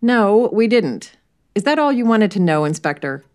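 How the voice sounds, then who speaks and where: Reader plays a touchy young nephew under questioning; defiant and indignant. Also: female voice, medium pitch, very animated, moderate pace, a little mellow, voice pushed up, close to an everyday voice.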